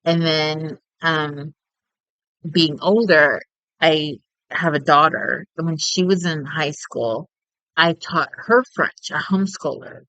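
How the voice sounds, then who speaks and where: Middle-aged woman, casual gameplay chat, rambling and giggly, very slow delivery, bright tone. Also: sits low, dry recording, poor audio. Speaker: gameplay streamer. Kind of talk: casual chat while playing.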